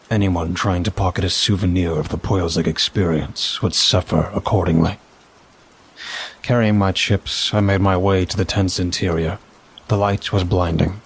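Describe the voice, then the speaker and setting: A man reading a first-person story aloud, measured and steady. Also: low-pitched, breathy edge. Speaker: narrator. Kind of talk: scripted story narration.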